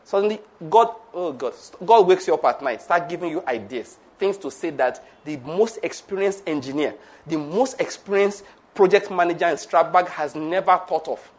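A man's voice: high voice, fast talker. A middle-aged man preaching a sermon in a church, emphatic and full of rhetorical questions. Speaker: pastor.

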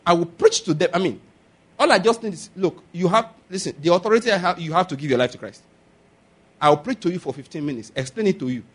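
A man's voice: high-pitched, expressive, quick pace, breathy edge. A man with a Nigerian accent preaching a sermon, repeating his points emphatically and chuckling often. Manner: emphatic, repetitive exhortation with frequent chuckles.

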